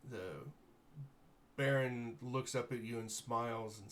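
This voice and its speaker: Male game master, very slow, halting, improvised narration. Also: medium pitch, fairly even intonation, a bit bright. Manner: halting, unscripted narration with self-corrections.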